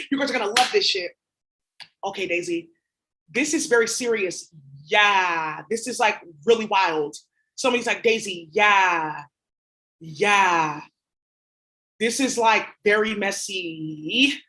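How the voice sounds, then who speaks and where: A woman's voice: on the high side, fairly bright tone, poor audio. Profane, rambling woman ranting to camera. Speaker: spiritual reader and channel host. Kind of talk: casual rant to camera.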